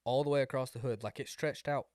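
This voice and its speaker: A young man co-hosting a podcast tells a rambling story in casual chat, leaning heavily on the word "like." He talks fast in a mid-range, steady voice with a darkish tone, recorded with clean studio sound and no room echo.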